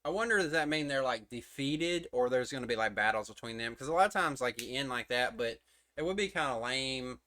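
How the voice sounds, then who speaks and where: A man's voice: medium pitch, animated, fairly quick, sharp tone. A man rambling through a casual, profane comic review from his room, full of fillers and restarts. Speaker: manga chapter reviewer. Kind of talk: casual streamed commentary.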